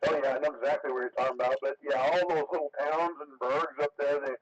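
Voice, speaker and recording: A man chatting casually on a ham radio net, halting often with fillers. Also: fairly high pitch, level tone, crowd noise. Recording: muffled radio audio.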